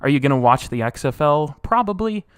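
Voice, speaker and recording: A man's voice: fairly high pitch, expressive, brisk, clear, resonant tone, no room sound. Young man reacting to chat, dry close mic. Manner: reads and answers chat, swings from mumbling to loud outbursts. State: voice wearing out. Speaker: streamer. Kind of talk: casual live-stream reaction.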